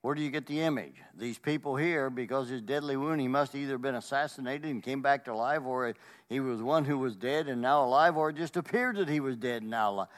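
A man's voice: medium pitch, brisk. A male pastor delivers a sermon in an emphatic tone. His voice sits in an ordinary middle range. He pushes his points with rhetorical questions and often repeats words.

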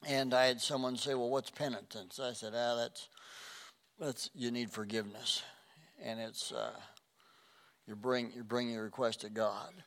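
A man's voice: mid-range voice, fairly even intonation, unhurried, fairly bright tone. Earnest preaching man. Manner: earnest, repeats phrases, stumbles over scripture words. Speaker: pastor. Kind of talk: sermon.

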